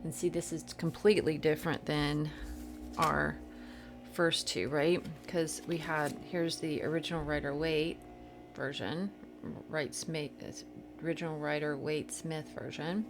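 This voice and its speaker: A woman's voice: sits low, steady tone, measured pace, music in the background. A woman teaching about tarot cards in a casual, meandering way, often restarting her sentences and reading passages aloud from a book. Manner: chatty and meandering, with many fillers and restarts.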